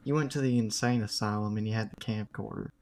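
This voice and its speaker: A man's voice: lowish voice, steady tone, fast talker, creaky, a little mellow. A man co-hosting a casual podcast, laid-back, with short reactions and easy laughs. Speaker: podcast co-host.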